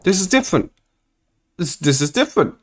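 A young man giving jokey, excitable commentary while playing a horror game, swearing when startled. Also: high voice, brisk, slight background noise. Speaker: gaming video creator.

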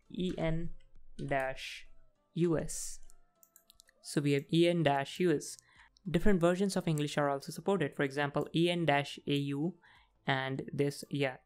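A man's voice: on the high side, smooth. A man hosting a programming tutorial, casually talking through each coding step as he types, with frequent fillers. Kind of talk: casual screen-recorded coding walkthrough.

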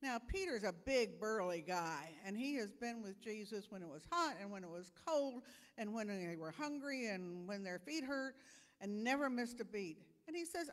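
A woman telling a children's sermon, animated and explaining things for little kids, in a church sanctuary. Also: mid-range voice, unhurried. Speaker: children's message speaker. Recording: long church reverb.

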